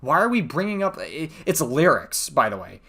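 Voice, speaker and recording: A man's voice: on the high side, sing-song, normal speed, gravelly, sharp tone, breathy edge. A man hosting a reaction commentary, heated and profane as he rants. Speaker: commentary host.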